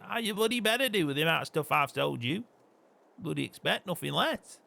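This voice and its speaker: A man's voice: on the high side, expressive, brisk, vocal fry, sharp tone, full character voice. A man playing a grumbling farmer. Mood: resigned. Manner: grumbling, peppers every line with swearing. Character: grumpy swearing northern farmer man. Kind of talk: game role-play chat.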